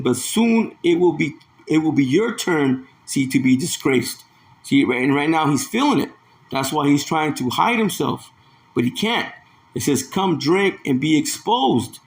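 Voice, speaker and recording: A man giving informal scripture teaching. He reads verses aloud slowly and often repeats words, breaking in with "man" and "see". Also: fairly high pitch. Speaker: Bible teacher.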